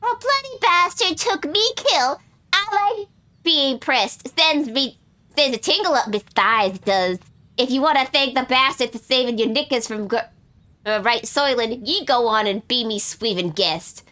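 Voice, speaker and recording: In a full character voice pushed up high, a woman reads game quest dialogue as a crude, foul-mouthed female pirate captain. Her delivery is bright, forceful and animated yet unhurried, gruff in mood, packed with coarse old-timey pirate slang, and she stumbles over words now and then.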